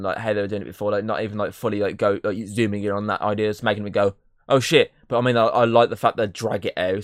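Animated low-voiced man retelling a film. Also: no echo, studio quality. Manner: animated retelling, acts out scenes in quick quotes, swears often. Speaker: podcast co-host. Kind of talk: casual chat about a film.

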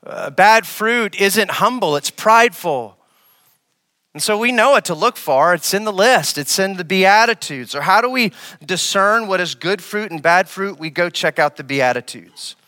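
Bright-voiced pastor preaching to his congregation. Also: lively intonation, moderate pace, big-room sound. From West Africa. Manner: asks the congregation questions, repeats phrases for emphasis; swings from loud, raised lines to quiet, low ones. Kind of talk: sermon.

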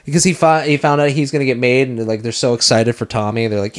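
A man's voice: medium pitch, fast talker, hardly any pauses. A man co-hosting a podcast, casually recapping a film in a rambling way and acting out lines from it. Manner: rambling, acts out quoted lines. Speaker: podcast co-host.

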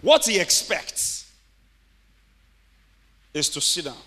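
A man preaching a sermon as a pastor, laughing often and rising to shouted exclamations. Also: on the high side, big pitch swings, slow, long reverb tail. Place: church.

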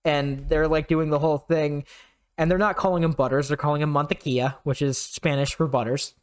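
A young man with a slightly high voice chats casually on a podcast. He is animated and laughs easily, and drifts off on stories mid-thought. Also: a little fast, clean tone. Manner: animated, laughs often, bursts into shouted announcer impressions. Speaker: podcast co-host. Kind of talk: casual chat.

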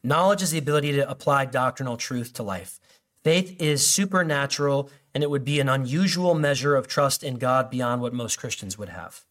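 A man's voice: medium pitch, normal speed, fairly bright tone. A man preaching a sermon in a loose, conversational way, with many restarts and fillers. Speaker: pastor.

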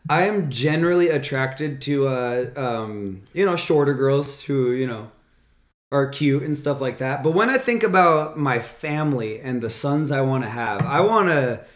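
A man's voice: medium pitch, animated, normal speed, roomy sound. A young man co-hosting a podcast, teasing and mock-outraged, in casual comedic chat.

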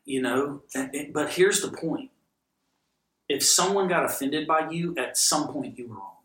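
Speaking a little slowly in a slightly high voice, a middle-aged guest pastor recounts stories on a podcast. He brings them to life by acting out what people said. The recording sounds roomy, picked up from far away.

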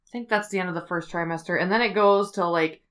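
Woman podcast host telling a story, lots of um and like, lowish bright voice. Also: fast talker. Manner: rambling, filler-heavy, thinks out loud. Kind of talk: casual storytelling.

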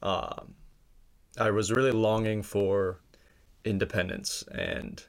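A young man with a Wisconsin accent, a guest chatting on a podcast in a halting way, with many fillers and restarts. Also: lowish voice, steady tone, gravelly. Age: young adult. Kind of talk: casual podcast chat.

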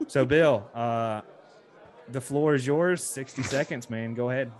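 A man's voice: medium pitch, measured pace, a little mellow. A man hosting a casual podcast from a tavern, joking and rambling with restarts. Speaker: podcast host.

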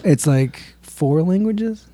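A man's voice: a little high, expressive, slow, warm tone, no echo. A man co-hosting a casual podcast chat, rambling and restarting his sentences. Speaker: podcast co-host.

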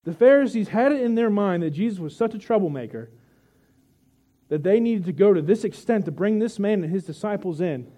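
High-voiced male pastor, casual and mellow. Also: expressive. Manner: conversational, joking with the congregation; vivid storytelling, dramatic pauses. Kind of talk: sermon.

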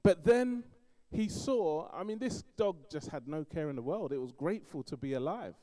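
Animated East London preacher, mellow voice. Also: male voice, on the high side, normal speed. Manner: animated storytelling, swings between loud emphasis and quiet asides. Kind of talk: sermon.

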